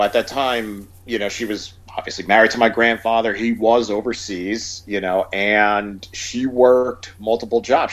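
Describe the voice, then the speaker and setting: Rambling man chatting about films. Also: fairly low pitch. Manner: rambling, many fillers and restarts. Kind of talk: casual chat about movies.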